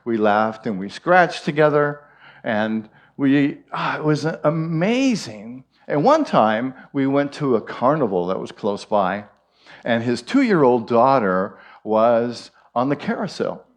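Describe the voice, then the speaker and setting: A minister with an Irish accent gives a folksy, conversational storytelling sermon full of asides. He speaks slowly in a medium-pitched voice with big swings in pitch.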